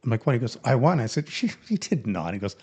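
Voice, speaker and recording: A man co-hosting a podcast, relaxed, recounting an old prank with lively quoted dialogue. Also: mid-range voice, fast talker, slightly rough. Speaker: podcast co-host. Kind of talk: casual storytelling among friends.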